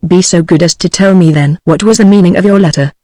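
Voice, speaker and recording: A text-to-speech woman's voice with a British English accent, reading a novel aloud at a measured, steady pace. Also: on the low side, no echo. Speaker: audiobook narrator.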